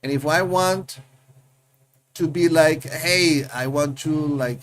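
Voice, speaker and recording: A man's voice: fairly high pitch, takes it slowly, slight background noise. A man, teaching a casual lesson and explaining things in a chatty way, often repeating himself and asking rhetorical questions. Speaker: Spanish teacher.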